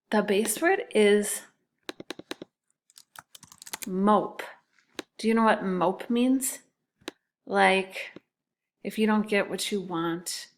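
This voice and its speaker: A woman teacher speaks at an unhurried pace, sounding out each word slowly and precisely. Her pitch sits in the middle of the usual range. She addresses young children in a recorded phonics lesson. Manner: slow, clearly enunciated, sounds words out by syllable. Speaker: second grade teacher.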